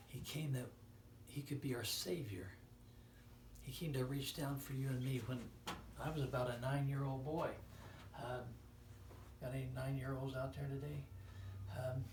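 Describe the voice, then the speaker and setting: A man's voice: mid-range voice, background noise. A man giving a children's Christmas message, telling a story with acted-out dialogue, sometimes dropping to a whisper. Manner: animated storytelling, acts out dialogue, drops to a whisper. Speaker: children's speaker. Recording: roomy hall, voice from far off, faint ambience.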